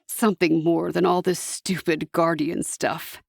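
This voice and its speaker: A woman's voice: on the low side, level tone, unhurried, gravelly, no echo, studio quality, voice pushed down, heavily acted. Woman doing a mischievous young male angel. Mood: earnest.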